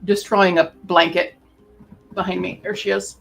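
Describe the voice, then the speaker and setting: A woman's voice: fairly low pitch, little pitch movement, normal speed, gravelly, music in the background. A woman hosting a casual writing-sprint livestream from home, chatting playfully and talking to her pet bird. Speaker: writing sprint stream host.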